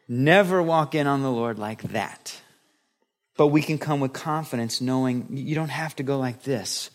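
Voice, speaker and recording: Animated middle-aged male preacher. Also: mid-range voice, unhurried. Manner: animated, playful preaching that acts out little scenes. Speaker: pastor. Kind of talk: sermon.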